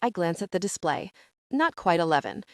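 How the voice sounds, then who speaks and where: A woman's voice: fairly low pitch, big pitch swings, moderate pace, no room sound, studio quality. Wry woman narrating a romance audiobook. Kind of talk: first-person audiobook narration.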